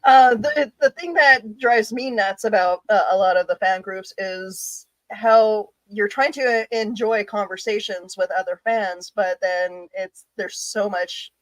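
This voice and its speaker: A woman's voice: medium pitch, unhurried, few pauses, dry recording, poor audio. A woman co-hosting a podcast, chatting casually, laughing often and restarting her sentences. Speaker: podcast co-host. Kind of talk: casual live-stream chat.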